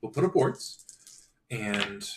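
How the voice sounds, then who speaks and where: Animated man playing a tabletop game. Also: lowish voice, takes it slowly. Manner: animated, hesitant, self-correcting. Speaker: player.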